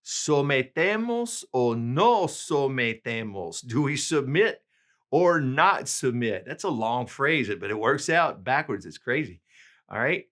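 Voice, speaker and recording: Man, language tutor, slow careful delivery, bright lively voice. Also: mid-range voice. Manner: slow, careful enunciation of examples. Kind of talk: scripted language lesson.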